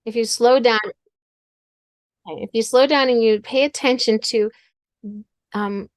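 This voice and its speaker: A woman's voice: fairly high pitch, fairly even intonation, a little slow, no room sound, studio quality. A middle-aged woman speaking as a guest, teaching earnestly through a personal story and often repeating her words.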